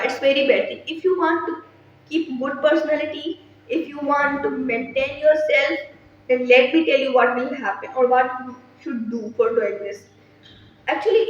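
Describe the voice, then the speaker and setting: High-voiced woman, echoey distant mic. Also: slight background noise. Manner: earnest advice-giving, repetitive phrasing with many fillers. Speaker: English teacher. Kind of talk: informal English lesson to camera. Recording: echoey room, far from the mic, dull sound.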